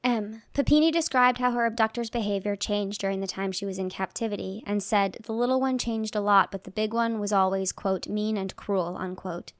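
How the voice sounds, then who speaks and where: Woman reading a legal document, measured. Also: mid-range voice, dry recording, clean studio sound. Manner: measured, plain delivery, marking each quotation aloud.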